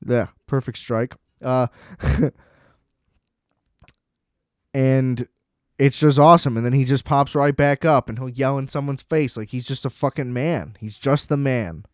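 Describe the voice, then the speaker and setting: A man's voice: medium pitch, steady tone, a little slow, pauses often, a little mellow, no room sound. Man, casual solo sports rant, profane and sarcastic, clean dry voice. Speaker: sports commentator.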